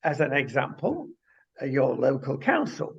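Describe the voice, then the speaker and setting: A man's voice: medium pitch, huge pitch swings, moderate pace, creaky, husky. A man co-hosting a talk show who speaks indignantly and addresses the viewer directly. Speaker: co-host. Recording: dull lo-fi sound.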